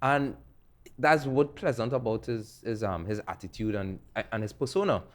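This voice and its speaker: A man's voice: mid-range voice, normal speed. A young man, telling stories in a laid-back way as a music producer on a podcast, laughing often. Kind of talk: casual interview chat.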